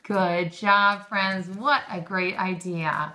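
A woman teaching young children, full of encouragement and quick praise. She speaks slowly and stretches out her questions. Her voice is bright and clear. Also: medium pitch, expressive.

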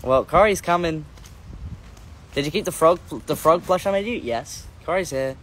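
A man's voice: on the high side, normal speed, a bit bright, slight background noise. A man hosting a casual livestream, reading out viewer comments and answering in a rambling, playful, self-correcting way.

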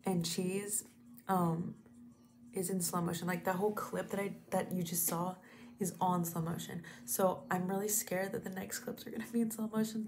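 A young woman with a fairly low voice vlogs casually into a phone held at arm's length, with noticeable noise behind her. She's chatty and slangy, dropping "bro" and "like" as she moves between stores and her apartment.

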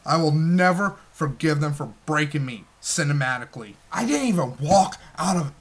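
A man in his twenties smokes while ranting about a movie, agitated and heavily profane, constantly stumbling and restarting. His voice is fairly high with lively intonation at a normal speed.

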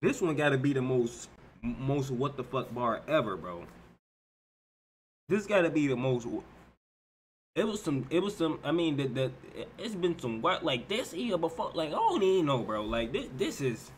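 Animated, incredulous American guy reacting. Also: mid-range voice, moderate pace, a little hiss or hum. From United States. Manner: incredulous, repeats words and stumbles, says "bro" a lot. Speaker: reaction video host. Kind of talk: casual reaction commentary.

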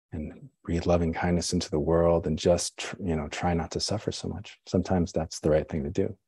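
Speaking a dharma talk, the Zen teacher has a low, deep, husky voice that's slightly breathy and mellow. It's musing and conversational, with self-directed questions, check-ins with the audience and frequent "you know" and "right?" The mic is close and dry, with no room sound.

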